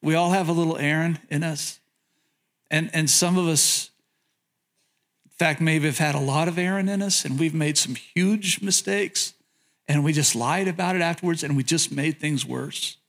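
A man's voice: a little high, moderate pace, a bit bright. A man pastor preaching a sermon, telling humorous stories, questioning the audience, and often repeating words as he goes. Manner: frequent word repetitions.

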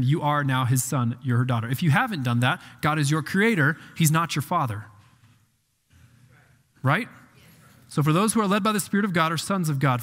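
A man in his thirties preaches in a chatty, animated way, his voice sitting a touch high. His words ring out with a long church-hall reverb. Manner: animated, conversational preaching with asides to the congregation. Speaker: pastor. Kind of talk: sermon.

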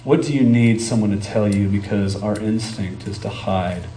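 A pastor with a lowish, mellow voice speaks at a moderate pace during a sermon in a church sanctuary. He talks conversationally and reaches for words with fillers. The recording has a little hiss or hum, echo, and faint ambience.

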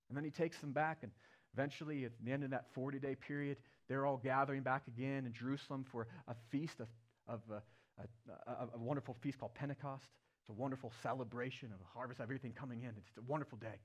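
A man preaching an Easter sermon as a playful, animated retelling with acted-out quotes. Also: mid-range voice, fast talker. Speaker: pastor. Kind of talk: storytelling sermon.

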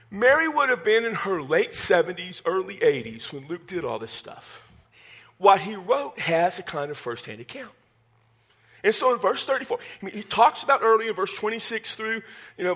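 Folksy male pastor, high husky voice, lively swooping delivery. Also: brisk. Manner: folksy, joking, animated preaching. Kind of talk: sermon. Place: church sanctuary with congregation.

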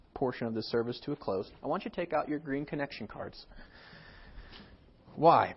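A man preaching a sermon as pastor of a church, swinging from soft, quiet lines to emphatic, raised ones. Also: mid-range voice, breathy edge, muffled recording. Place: church sanctuary.

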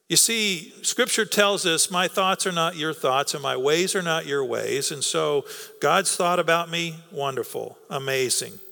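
A man's voice: a little high, creaky, bright, forceful tone. A man preaching a sermon in an earnest, coaxing way, repeating words for emphasis. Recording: long reverb of a hall.

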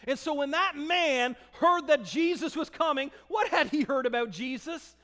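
A man preaching a sermon with passion, swinging between shouted declarations and hushed, drawn-out emphasis. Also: very high voice, long reverb tail.

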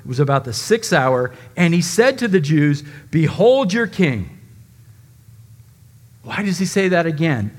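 Dramatic male preacher, slightly high voice. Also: expressive, moderate pace. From United States. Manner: dramatic, acting out quoted speech with shifting volume. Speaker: pastor. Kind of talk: sermon.

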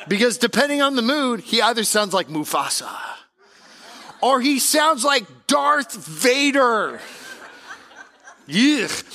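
A man preaching a sermon as pastor at a church service, in an energetic, joking, conversational way. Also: high-pitched.

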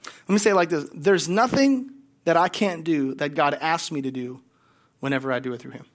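High-voiced emphatic preacher man. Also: normal speed. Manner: emphatic, repeats key lines, has congregation repeat after him. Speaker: guest pastor. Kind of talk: sermon.

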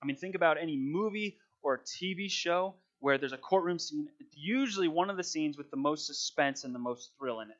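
A man's voice: on the high side, brisk, few pauses, a bit bright, lo-fi sound. A man preaching, reading scripture dramatically and then talking it through in a casual, conversational way.

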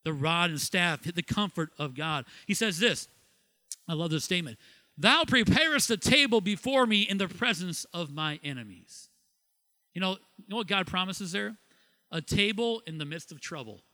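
Man preaching, from ohio, high voice, bright tone, lively and questioning. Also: normal speed. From Ohio, USA. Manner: lively preacher, laughs at himself, asks the crowd questions. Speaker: pastor. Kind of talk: sermon.

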